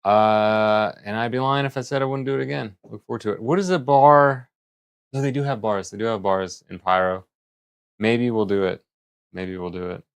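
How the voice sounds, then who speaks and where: A man's voice: on the low side, a little fast, gravelly, clean tone. A man streaming live who rambles casually and thinks aloud as he talks. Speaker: livestreamer.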